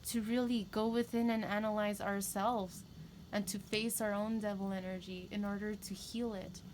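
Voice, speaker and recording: A woman's voice: mid-range voice, flat delivery, moderate pace, a little mellow, a little hiss or hum, poor audio. Candid rambling woman tarot reader. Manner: candid, rambling, with emphatic repetition. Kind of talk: casual spiritual talk to camera.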